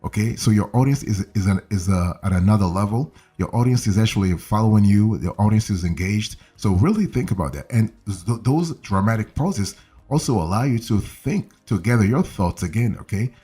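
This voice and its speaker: Husky-voiced older man coaching. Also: lowish voice, lively intonation, normal speed, mellow. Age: 70s. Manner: conversational, repeats and restarts phrases, coaxing "okay?". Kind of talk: casual instructional talk.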